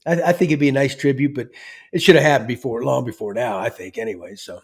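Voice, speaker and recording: A man's voice: mid-range voice, steady tone, quick pace, breathy edge. A man hosting a casual sports chat show, talking in a folksy, rambling way full of fillers. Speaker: show host.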